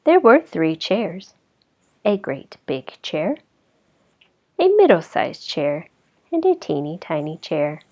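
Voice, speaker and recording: A woman's voice: fairly low pitch, dull audio. A woman reading a children's story aloud, expressively, at times dropping to a whisper. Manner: expressive, slow, sometimes whispering.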